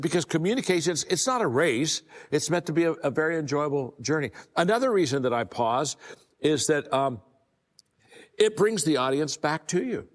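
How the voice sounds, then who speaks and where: A man's voice: a little high, very animated, a little fast, long reverb tail. An older man giving a motivational leadership talk, telling folksy stories with frequent restarts and repeated words. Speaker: leadership speaker.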